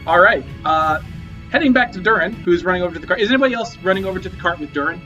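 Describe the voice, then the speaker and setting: A bright, fairly high-voiced man narrates as game master, rambling through scenes with plenty of fillers. The sound is a bit dull and lo-fi, with faint music underneath. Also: lively intonation, rapid-fire. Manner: loose, searching narration full of fillers.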